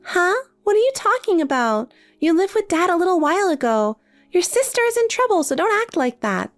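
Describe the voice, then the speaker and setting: A woman's voice: extremely high pitch, very animated, brisk. A synthetic woman's voice playing a desperate, pleading married older sister in a text story, with faint music behind. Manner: pleading, insistent.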